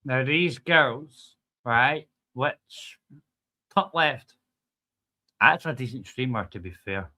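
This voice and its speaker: A Scottish man talking on his live stream, rambling from one point to the next with plenty of swearing. His pitch sits in the middle of the range, and he drags his words out at an unhurried, slow pace. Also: expressive, sharp tone. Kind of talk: casual stream commentary.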